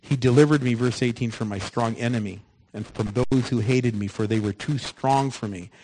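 A man preaching a sermon, moving from loud, emphatic lines to soft, hushed ones. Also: medium pitch, moderate pace, background noise.

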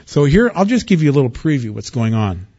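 A male pastor delivering a sermon, his voice husky and mid-pitched. He shifts from loud, eager storytelling to hushed warnings. The recording sounds dull and lo-fi. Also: fast. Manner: expressive, swings from loud excitement to quiet warning.

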